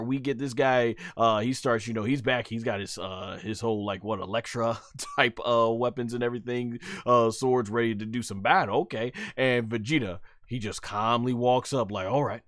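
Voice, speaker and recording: A man hosting a live anime episode review, giving slangy, excitable play-by-play commentary and laughing often. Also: medium pitch, no room sound, clean studio sound. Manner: slangy, casual. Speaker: anime reviewer, channel host.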